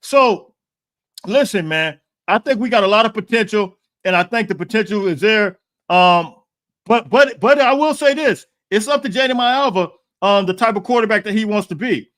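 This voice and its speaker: A man hosting a podcast live stream in casual chat. He often repeats and restarts words, clears his throat and reads out viewer comments. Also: high-pitched, expressive, normal speed, fairly bright tone. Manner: frequent throat clearing and coughs. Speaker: podcast host.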